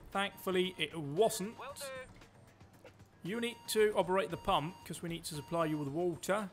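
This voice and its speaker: A man giving excitable, chatty live commentary while he plays a game, joking to himself as he goes. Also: high voice, normal speed, faint music behind. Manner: excitable, talks loud, quips at himself. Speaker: streamer.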